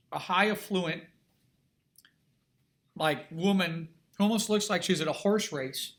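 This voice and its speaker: A man's voice: fairly high pitch, fairly bright tone. A man teaching an art lesson in an enthusiastic, conversational way, often asking his students questions. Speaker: art instructor. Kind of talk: recorded video lesson.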